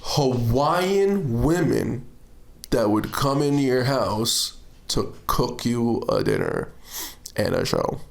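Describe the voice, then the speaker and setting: A man hosting a podcast, telling stories in a casual, animated way and laughing often. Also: medium pitch, slow pace, vocal fry, roomy sound. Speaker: podcast host. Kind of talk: casual chat.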